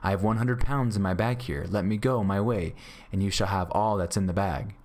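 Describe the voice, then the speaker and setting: A man's voice: fairly low pitch, normal speed, darkish tone, lightly acted. A man voicing a sly, boastful male beggar in a storybook read-aloud, speaking in a raised, taunting voice. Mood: bargaining.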